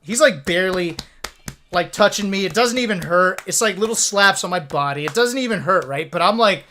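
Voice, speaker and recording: Man in his thirties, streamer, bright tense voice, swears a lot, webcam sound. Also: high voice, a little fast, slight background noise. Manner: animated, profane, laughing. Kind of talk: casual storytelling to camera.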